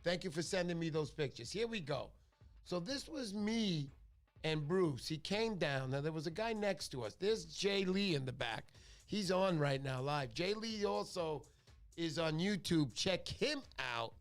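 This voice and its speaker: A man hosting a casual fishing livestream, chatty and excitable, thanking viewers by name. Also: on the high side, a little slow, faint music behind. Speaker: livestream host.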